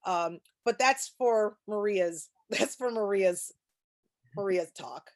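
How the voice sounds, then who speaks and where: A woman's voice: medium pitch, slow. A woman presenting a training session over a video call, explaining ideas through personal anecdotes. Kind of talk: conversational lecture.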